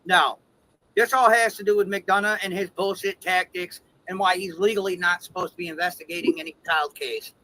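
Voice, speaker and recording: Man, high-pitched, bright tone, blunt, profane, livestream host. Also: fairly even intonation, a little fast, slight background noise, rough recording. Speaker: channel host in a played clip. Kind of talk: heated livestream talk.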